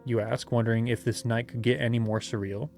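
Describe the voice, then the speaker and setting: A man's voice: medium pitch, level tone, brisk, darkish tone, soft background music. A man reading a gamebook aloud as game master, with playful asides and laughter.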